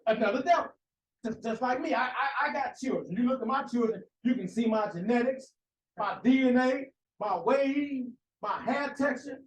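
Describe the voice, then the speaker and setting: A male preacher delivers a fiery sermon in a fairly high voice. He presses his points with rhetorical questions and repeated phrases. The sound is echoey and set back from the mic, with a faint room hum behind him. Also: moderate pace, distant mic.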